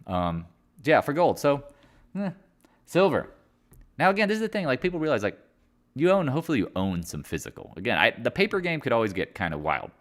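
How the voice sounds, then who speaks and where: A man's voice: fairly low pitch, big pitch swings, brisk. A man hosting a casual live market chat, rambling and joking as he walks through charts, sometimes laughing at himself. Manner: sings and mimics other traders in silly voices.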